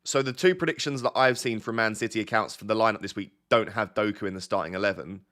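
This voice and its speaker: A man with a slightly low voice, talking casually on a live stream as he thinks aloud to his viewers. He rambles and pokes fun at himself, and he sounds a little bunged up. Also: fast talker, a bit bright. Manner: rambling and self-deprecating, thinking aloud to chat. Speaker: fantasy football streamer.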